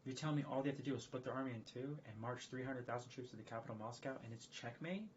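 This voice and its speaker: A man talking casually on a livestream in a rambling, profane, excitable way. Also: medium pitch, racing, a little hiss or hum. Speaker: streamer. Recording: dull lo-fi stream audio.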